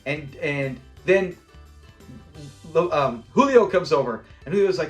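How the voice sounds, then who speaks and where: A man's voice: fairly high pitch, normal speed, soft background music. A middle-aged man hosting a casual breakdown of a classic sitcom episode, retelling scenes and acting out the characters' lines. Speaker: host of a classic TV channel.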